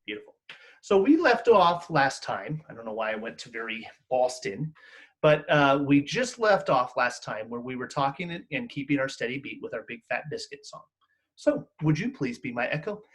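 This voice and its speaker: A man's voice: medium pitch, normal speed. A man teaching an online music class for children, talking encouragingly and singing songs for them to echo. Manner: animated, encouraging, sings call-and-response songs.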